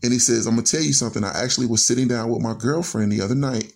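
A man's voice: medium pitch, rapid-fire, creaky, a little mellow. A man in his forties earnestly telling a personal story in a conversational way, acting out bits of dialogue. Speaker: guest storyteller.

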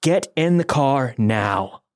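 A man's voice: mid-range voice, lively intonation, slow pace, no echo, studio quality. A man voicing a creepy, grinning stranger. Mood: menacing. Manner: smooth, then demanding and forceful. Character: creepy grinning clean-cut man, eerily insistent.

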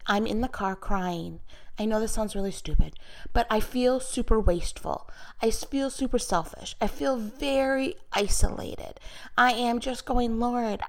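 A chatty middle-aged woman with a slightly high voice tells a personal story in a casual vlog. She sounds candid and pokes fun at herself as she shares a faith-based reflection. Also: vocal fry. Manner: chatty and candid, with light self-mockery. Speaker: mother sharing a personal story.

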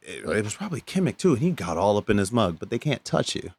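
A man co-hosting a podcast, telling casual stories, animated and profane, often laughing. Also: fairly low pitch, fast talker. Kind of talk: casual storytelling chat.

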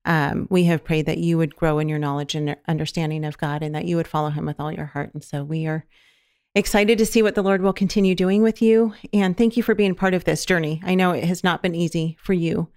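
A woman's voice: fairly low pitch, steady tone, brisk, darkish tone, clean tone. A woman in her thirties hosting a podcast, chatting fondly with her daughter and laughing often. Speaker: podcast host. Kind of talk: casual podcast chat.

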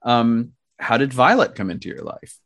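A man hosting a podcast about cast albums, chatty and playful. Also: normal speed. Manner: chatty and playful, lively pitch. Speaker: podcast host. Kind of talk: casual podcast chat.

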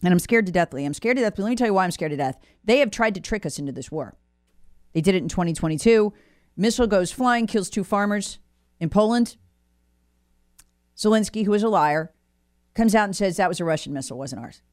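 A woman's voice: medium pitch, expressive, fairly quick, long pauses, a little mellow, no echo, studio quality. A woman speaking as a guest commentator, alarmed and insistent, often repeating words for emphasis.

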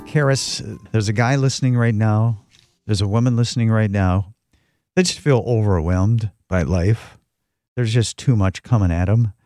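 Man, talk show co-host, deep voice, dry close sound, steady and pastoral. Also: moderate pace, no room sound, faint music behind.

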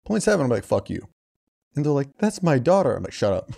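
A man co-hosting a podcast, trading dry, deadpan jokes in casual comedic chat. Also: medium pitch, quick pace, vocal fry. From Oklahoma City. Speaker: podcast co-host.

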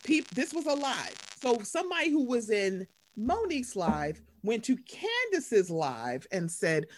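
A woman's voice: on the high side, measured pace, hardly any pauses, dry recording, studio quality. A woman, recapping reality TV gossip in casual chat and acting out quotes. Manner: animated gossip, acts out quotes. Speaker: podcast co-host.

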